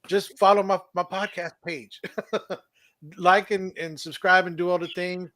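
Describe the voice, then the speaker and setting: A man's voice: sits high, fairly even intonation, a little slow, sharp tone, no echo. A man from Texas co-hosting a casual podcast, chatty and joking as he plugs his own show. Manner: joking, self-promoting, chatty. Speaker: podcast co-host.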